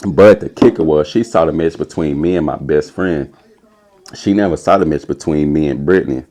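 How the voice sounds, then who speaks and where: A young man telling a casual, animated story as a podcast host, putting on a high voice for quotes. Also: moderate pace.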